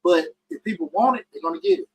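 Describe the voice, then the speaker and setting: A man hosting a casual call-in podcast, talking in bursts with frequent restarts and emphatic upward pitch jumps. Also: wildly swooping pitch, quick pace, slightly rough, no echo, rough recording. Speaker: podcast host.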